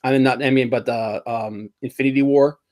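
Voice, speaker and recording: A man hosting a casual pop-culture podcast, rambling and animated, often laughing as he mocks what he talks about. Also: mid-range voice, a little fast. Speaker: podcast host.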